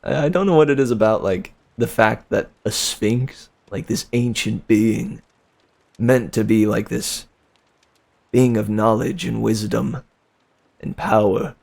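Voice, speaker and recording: A man's voice: lowish voice, measured pace, gravelly, a little mellow. A man in his twenties who reads books aloud on a livestream, chatting casually with viewers in a rambling, slangy way and laughing often. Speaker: livestream book reader.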